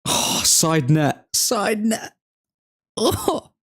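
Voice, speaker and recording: A man's voice: sits high, big pitch swings, drawn-out words, fairly bright tone, slightly rough. A man hosting a football watchalong, reacting live to the match in chatty fan talk full of slang. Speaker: watchalong host.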